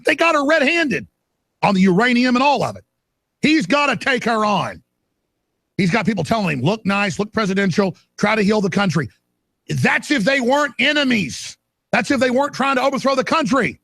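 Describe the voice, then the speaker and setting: A male talk radio host delivering a fiery, ranting monologue that climbs into shouts. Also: extremely high pitch, very animated, moderate pace, no room sound.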